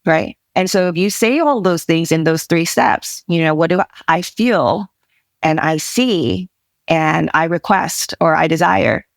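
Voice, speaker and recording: A woman marriage coach talking casually as a podcast guest, animated and quick to laugh, with many fillers. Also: sits low, creaky, no room sound, studio quality.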